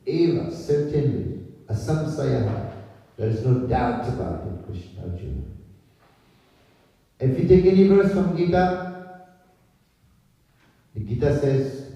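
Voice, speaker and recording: Slow, dark-voiced monk in echoey hall. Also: male voice, medium pitch. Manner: chuckles often, poses questions to the audience. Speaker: visiting monk teaching a scripture class. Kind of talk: sermon. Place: temple hall. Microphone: distant camera microphone. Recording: echoey hall recorded from far off.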